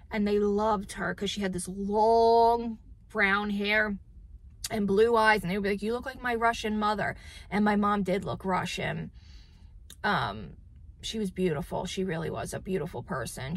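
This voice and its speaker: A woman's voice: mid-range voice, fairly bright tone. A chatty woman talks to her viewers from inside a car, in a middle-range voice. She rambles freely, circling back and correcting herself as she goes. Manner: rambling, chatty, with many fillers and self-corrections. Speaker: beauty vlogger. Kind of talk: casual chat. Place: in a parked car.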